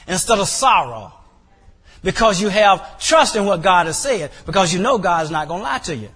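High-voiced preacher man in a reverberant hall. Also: a bit bright, slightly rough. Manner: preaching with rising emphatic bursts and repeated phrases. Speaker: pastor. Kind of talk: sermon.

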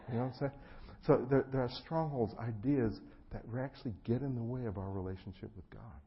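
A middle-aged man preaching a sermon, telling personal stories, acting out the voices of the people in them and swinging from hushed tones to loud bursts. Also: fairly low pitch, normal speed, pauses often, breathy edge, lo-fi sound. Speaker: pastor. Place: church hall before an audience.

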